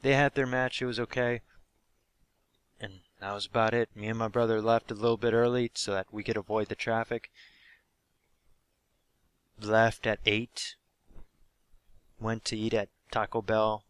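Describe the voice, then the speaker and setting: A young man with a sore, hoarse throat, recapping a live wrestling show he went to in an animated, swear-heavy way. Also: on the low side, a little slow, long pauses, no room sound. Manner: animated storytelling, swears freely, acts out quotes. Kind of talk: casual excited recap.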